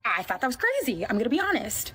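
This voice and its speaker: A woman's voice: a little high, wildly swooping pitch, fast talker, a bit bright, husky. A woman speaking earnestly and pleadingly in a clip from a social media video.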